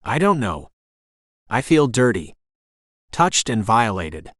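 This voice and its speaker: A man voicing a withdrawn young man who talks softly and hesitantly in an audiobook. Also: lowish voice, big pitch swings, takes it slowly, no room sound, studio quality, heavily acted. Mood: troubled. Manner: soft, hesitant, murmured.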